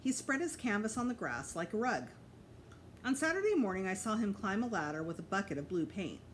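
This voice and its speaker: A woman teacher reads a children's chapter book aloud, her voice rising and falling in lively swoops. She sits in her middle register, and a faint hum of room ambience sits behind her. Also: mid-range voice, brisk. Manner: expressive storybook reading. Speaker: elementary school teacher.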